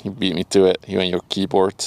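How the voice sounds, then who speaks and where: A man's voice: deep voice, no echo. A young man with a Dutch accent hosting a casual livestream outdoors by a river, chatting loosely with viewers and keeping his voice down at times. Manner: relaxed, chatty, laughs often, talks to chat by name; speaks softly at times to avoid disturbing people nearby. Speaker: livestream host. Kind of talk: casual live-stream chat.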